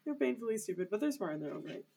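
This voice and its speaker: Talking very fast in a sing-song way, a young female podcast co-host rambles through casual chat, filling it with "like." Her medium-pitched voice is gravelly and dark, with a breathy edge.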